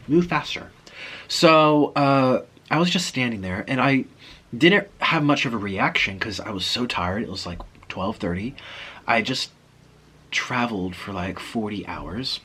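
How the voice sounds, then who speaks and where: A man from South America telling a personal story in an animated, chatty, self-deprecating way. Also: medium pitch, moderate pace, slightly rough. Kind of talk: casual storytelling.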